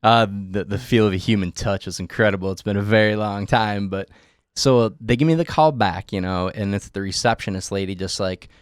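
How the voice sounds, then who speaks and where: A man's voice: lowish voice, a little fast, clean tone, no echo, studio quality. A young man telling a story on a podcast in casual chat, acting out the people in it. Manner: animated storyteller, acts out quoted voices. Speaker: podcast co-host.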